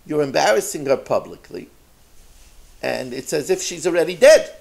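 A man doing a calm, wise old rebbe. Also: a little high, vocal fry. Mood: soothing. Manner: gentle, measured, patient advice.

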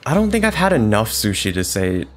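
A man's voice: fairly low pitch, very animated, brisk. A man hosting a casual gameplay stream, laid-back and joking. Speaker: streamer and host. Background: game music.

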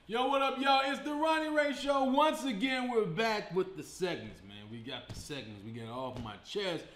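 High, bright-voiced comedian in an echoey room. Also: male voice, normal speed. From Chicago, USA. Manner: animated, profane, laughing often. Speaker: comedy show host and stand-up comedian. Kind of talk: casual comedic monologue.

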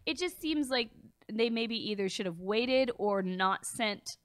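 Woman cohost chatting about wrestling, kinda high voice, laughs a lot, pretty opinionated. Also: expressive, unhurried. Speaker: co-host of a wrestling talk show. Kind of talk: casual chat.

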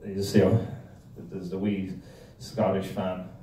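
A deep-voiced man rambles through jokes and anecdotes for a club audience. His voice is dark and sits low, picked up from far off in a very echoey meeting room with a faint background hum. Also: monotone, slow pace. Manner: rambling, joke-telling, self-interrupting. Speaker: guest speaker. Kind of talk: humorous talk to a club. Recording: echoey room, distant mic.

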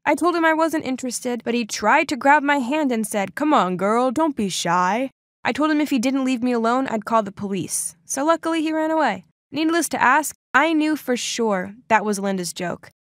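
A young woman tells her own story for an animated short, earnest and dramatic, her voice sitting high. The recording is dry and close, with no room around it. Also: a little fast, hardly any pauses, dry recording. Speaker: narrator. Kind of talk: first-person animated story narration.

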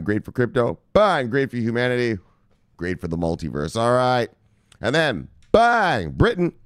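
A man with a medium-pitched voice hosts a crypto news show, reading headlines and then riffing on them in an animated, casual way full of profanity and joking asides. The sound is studio quality with no room sound.

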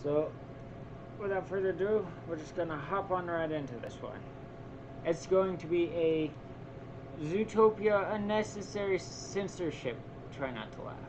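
A man's voice: sits high, expressive, moderate pace, noisy background. A man hosting his own video, opening it in an upbeat, chatty way. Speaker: YouTuber host. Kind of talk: casual video intro.

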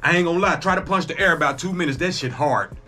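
A man hosting a reaction video, talking casually, excitable and profane, exclaiming often. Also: fairly high pitch, quick pace, faint music behind.

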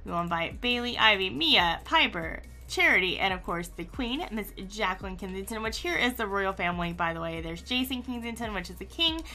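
Bright-voiced chatty woman gamer. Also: medium pitch, brisk, few pauses. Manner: chatty and excitable, gushing and self-teasing. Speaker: gaming YouTuber. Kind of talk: casual let's-play commentary.

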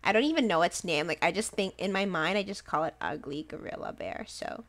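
A woman's voice: lowish voice, expressive, a little fast. A woman streaming a game live, chatting casually and giggling often, with lots of "like" fillers. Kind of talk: casual livestream chat while playing a game.

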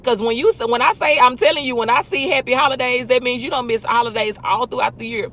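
A woman's voice: fairly high pitch, fast, fairly bright tone, slight background noise. A woman hosting a casual faith talk, emphatic and full of rhetorical questions. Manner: emphatic, rhetorical questions, talks back to imagined people. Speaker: host.

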